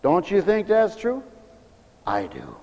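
A man preaching a sermon with great fervor, swinging from shouted exhortations to low, confiding asides. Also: wildly swooping pitch, slow pace, dull audio. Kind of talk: fiery sermon. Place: church hall, also broadcast on radio. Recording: long hall reverb.

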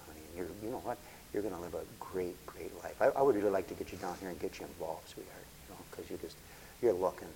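A man's voice: sits low, gravelly, darkish tone, slight background noise, poor audio. A man preaching a folksy sermon as pastor, calling listeners honey and sweetheart.

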